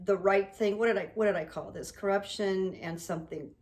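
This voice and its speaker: A middle-aged woman hosting her own video channel, talking in a rambling, earnest way to camera and reading quotes out slowly. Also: medium pitch, darkish tone. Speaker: psychic coach and YouTube host. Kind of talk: casual to-camera monologue.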